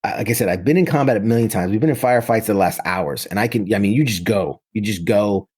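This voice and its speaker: Husky low-voiced man in his thirties. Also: fast talker, a little mellow. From New York City. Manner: vivid, frequent restarts and self-corrections. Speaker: military veteran guest. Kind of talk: casual personal storytelling.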